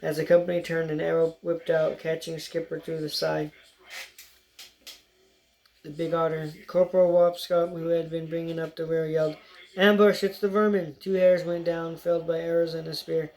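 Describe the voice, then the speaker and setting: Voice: medium pitch, monotone, normal speed, dark tone, poor audio. An audiobook narrator reading a story aloud in a plain way, with stumbles now and then.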